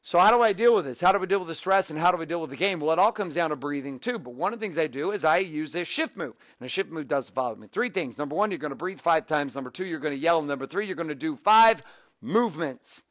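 A man with a slightly high voice coaching his listeners in a motivational talk, full of energy as he counts out breathing drills. The recording is dry and close, with no room sound at all. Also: lively intonation, fast talker, fairly bright tone, no echo. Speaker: motivational podcast host.

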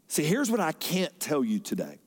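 High-voiced preacher in a reverberant hall. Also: male voice, huge pitch swings, normal speed, breathy edge. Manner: dynamic, swings between loud emphasis and soft drops. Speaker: pastor. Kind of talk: sermon.

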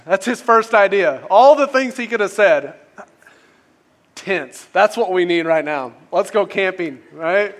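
A man's voice: high voice, lively intonation, measured pace. Conversational man preaching a sermon. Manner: conversational, self-correcting, rhetorical questions. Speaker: pastor.

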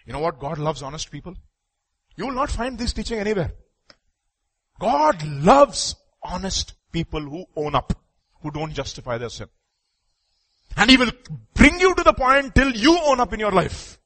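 A man preaching a fiery sermon in a fairly high voice. He swells to loud, urgent peaks and then drops to a soft, pleading hush. The delivery stays earnest and driven throughout. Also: very animated, normal speed, pauses often. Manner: impassioned, swings from loud urgent bursts to hushed pleading.

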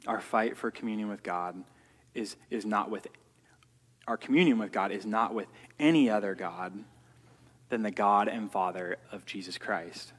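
A man's voice: on the low side, normal speed, fairly bright tone, breathy edge. A man preaching a sermon earnestly, often repeating words as he works through his points. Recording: long hall reverb.

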